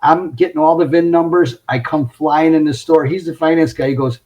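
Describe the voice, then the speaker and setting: A middle-aged man recounts stories in a lively, casual way, often laughing. His voice sits a little high for a man. He is recording from a closet at home. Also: moderate pace, dull audio. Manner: animated, laughs while telling stories. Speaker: podcast guest. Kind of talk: casual storytelling.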